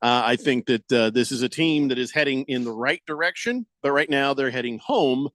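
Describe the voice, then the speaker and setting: A man's voice: medium pitch, lively intonation, brisk, fairly bright tone, no room sound. A man hosting a sports radio show, chatting casually with jokes and sarcasm. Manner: joking, sarcastic, acts out quotes.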